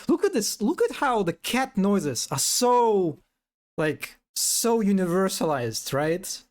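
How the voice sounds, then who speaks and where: A man's voice: sits high, sing-song, measured pace. A man streaming live in casual commentary, amused, often restarting his sentences and imitating animal sounds.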